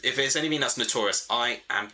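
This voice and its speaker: Bright-voiced young man hosting a football watchalong. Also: medium pitch, fast talker. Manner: chatty, thinking aloud, answering chat between play calls. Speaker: livestream host. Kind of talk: live football watchalong commentary, chatting with viewers.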